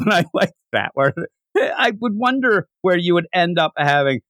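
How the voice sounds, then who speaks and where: A man co-hosting a casual chat, his voice pitched a little high and swinging widely as he talks. He speaks animatedly and now and then jumps into high put-on voices to act out characters. The sound is dry and close. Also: sing-song, normal speed, fairly bright tone, no echo. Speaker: podcast co-host reviewing an anime.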